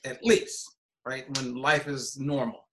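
A man hosting a podcast, telling a lively anecdote in casual chat and often repeating words as he goes. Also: medium pitch, slow pace, background noise. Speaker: podcast host.

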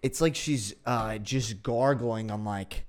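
A man's voice: on the low side, slow pace. A young man co-hosting a podcast, boasting and swearing in crude casual banter. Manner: boastful, profane, animated. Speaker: podcast co-host.

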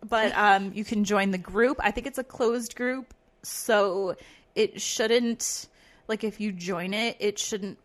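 A woman's voice: medium pitch, steady tone, slow. Giggly rambling woman podcaster. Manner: rambling, giggly, lots of fillers. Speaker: podcast co-host. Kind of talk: casual podcast chat.

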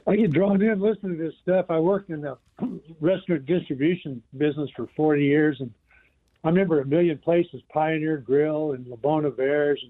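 A man's voice: a little high, normal speed. An older man calling in to a radio show, rambling as he reminisces about the old days. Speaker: radio caller. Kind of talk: casual phone call-in chat. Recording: phone line.

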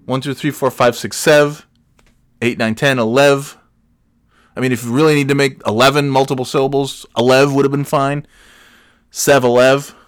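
A man's voice: mid-range voice, level tone, normal speed, no echo, clean studio sound. A man in his forties hosting a solo comedy podcast, rambling from one tangent to the next, cursing and restarting his sentences. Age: 40s. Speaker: podcast host.

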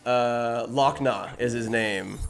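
Man host, rambling comic recapper, smooth mid-pitched voice. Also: takes it slowly, faint music behind. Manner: rambling, jokey asides, self-interrupting.

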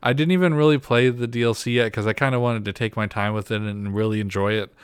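A man's voice: fairly low pitch, steady tone, fast talker, smooth, no echo, studio quality. A man co-hosting a podcast in casual chat, rambling and teasing his co-host.

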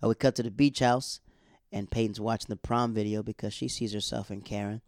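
A man's voice: fairly low pitch, a little fast, no echo, clean studio sound. Chatty man recapping a TV episode. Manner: animated, chatty, colloquial, laughs often. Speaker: TV show recap vlogger.

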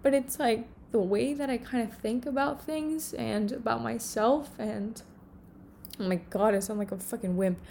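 Young woman close to crying, talking alone in her room in a rambling confessional vlog; voice a bit high, faint room hiss behind. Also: normal speed, creaky, dark tone. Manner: tearful, rambling, heavy on filler words. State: on the verge of crying. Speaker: content creator.

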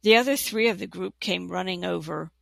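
A narrator reading a fantasy storybook aloud in a steady, plain way. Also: mid-range voice, fairly quick, vocal fry, dry recording. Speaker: audiobook narrator.

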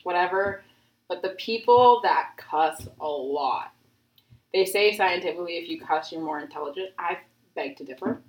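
A young woman in her twenties talks loosely and at length, stringing thoughts together with filler words and swearing. Her voice sits on the low side. The room around her rings with echo. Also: normal speed. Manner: rambling, heavy use of filler "like", frequent swearing. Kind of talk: casual chat.

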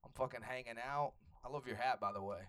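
A man's voice: medium pitch, fast, a bit bright. A young man from Atlanta with a Southern Atlanta accent, doing loose, profane stand-up crowd work on a comedy club stage. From Atlanta, USA. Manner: loose, profane, riffs with the audience.

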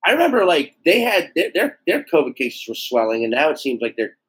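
A young adult man, a comedian guest, talking casually and animatedly with swearing, jumping into high-pitched mock voices. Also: huge pitch swings, a little fast, fairly bright tone, husky, rough recording. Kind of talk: casual podcast chat.

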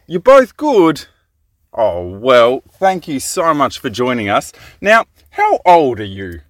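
A woman with a strikingly low voice hosts a radio-style show, chatting playfully with young children. Her delivery is upbeat and coaxing, swinging widely up and down in pitch. The recording is dry and close, with no room sound. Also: huge pitch swings, slow pace, no room sound. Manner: upbeat, coaxing, laughs often.

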